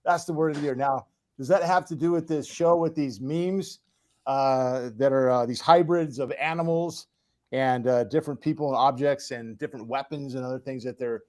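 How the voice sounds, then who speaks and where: A man hosting a casual podcast who rambles along, restarting sentences and padding them with fillers. His delivery is relaxed and unscripted. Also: mid-range voice, normal speed. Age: parent of children. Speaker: podcast host. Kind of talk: casual chat.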